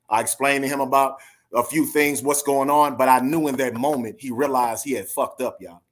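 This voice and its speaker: A man's voice: mid-range voice, a bit bright. Forties male podcast co-host, earnest casual storyteller, mid-range voice. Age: 40s. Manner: earnest, addresses listeners directly.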